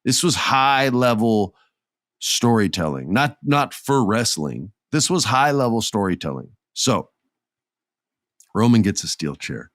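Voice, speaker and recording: A man with a fairly low voice tells the story of a wrestling show in a loose, chatty way, acting out the lines of people he describes. The sound is dry and close, with no room around it. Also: a little slow, no echo. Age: adult with children. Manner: animated storyteller who acts out quotes. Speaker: podcast host. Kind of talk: casual wrestling recap.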